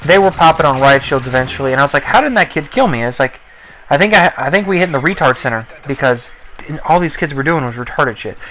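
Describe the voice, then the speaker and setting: A young man giving casual, rambling commentary over his gameplay, joking and breaking into excitable outbursts. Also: mid-range voice, quick pace, low-quality recording. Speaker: gaming commentator.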